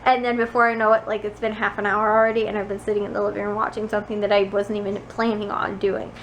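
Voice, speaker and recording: A young adult woman vlogger from the Chicago suburbs in the USA chats casually to the camera in her bedroom at night, rambling with many filler words. Her medium-pitched voice is flat and fast, and the home recording is noisy.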